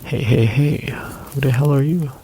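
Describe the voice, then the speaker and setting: A man's voice: medium pitch, steady tone, moderate pace, dark tone, slight background noise, pitched above the performer's own voice, lightly acted, rough recording. A man voicing a menacing male gang thug who bullies a witness in a tough-guy swagger. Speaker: game character voiced by player.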